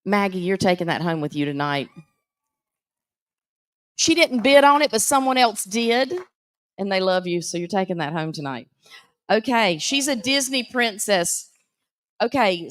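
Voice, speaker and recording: A woman with a Southern American accent announcing prize winners at a live event, teasing and animated. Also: a little high, dry recording. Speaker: auction emcee.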